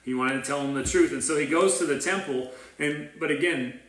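Bright-voiced man preaching in a roomy hall. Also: a little high, fairly quick. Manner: conversational preaching with slang and acted-out asides. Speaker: pastor. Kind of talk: casual sermon. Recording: roomy sound from a distance.

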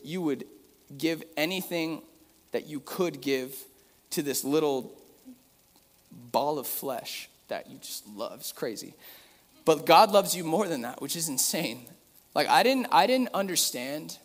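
A man's voice: medium pitch, long reverb tail. A young man preaching a sermon in a casual, talky way, reading scripture passages aloud with emphasis.

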